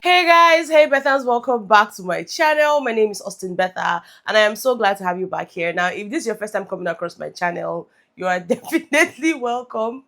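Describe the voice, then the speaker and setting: A woman's voice: mid-range voice, lively intonation, fairly quick, gravelly, few pauses, fairly bright tone, faint music behind. A woman vlogger recapping a reality show in a chatty, casual way, often laughing.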